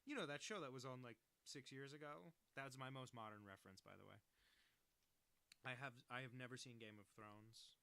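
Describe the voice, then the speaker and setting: A man talking casually as he draws, in a rambling, self-deprecating way, close to the microphone. His voice has a gravelly fry and a bright, sharp edge. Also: mid-range voice, normal speed. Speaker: cartoonist streaming while he works. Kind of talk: casual chat.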